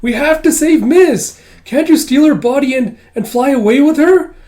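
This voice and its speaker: A man voicing a tearful small fox girl from a comic, screaming desperately in a shrill voice. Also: moderate pace, warm tone. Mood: frantic screaming.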